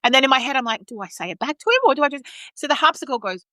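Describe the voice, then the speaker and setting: A woman, an opera singer telling lively stories and acting out what others said, with bursts of laughter. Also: sits high, racing, no echo. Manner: animated storyteller who acts out quotes and laughs often. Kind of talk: casual chat.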